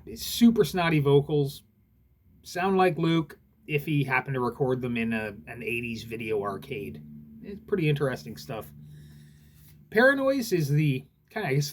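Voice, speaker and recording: A man casually reviewing records in a laid-back, rambling way, with lots of fillers and the odd swear word. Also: mid-range voice.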